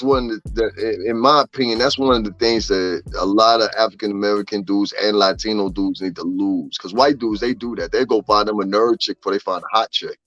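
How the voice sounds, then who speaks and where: A man's voice: on the low side, a bit bright, dry recording. A man hosting a casual gossip livestream, joking, swearing and talking straight to his chat. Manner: profane, joking, talks to chat. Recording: slightly dull, faint music behind.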